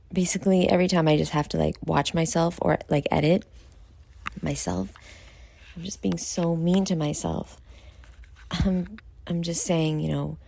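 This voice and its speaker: A woman's voice: fairly low pitch, creaky, warm tone, dry recording. A tired woman from New York, a show host, talking casually late at night in a rambling, self-critical way with many fillers.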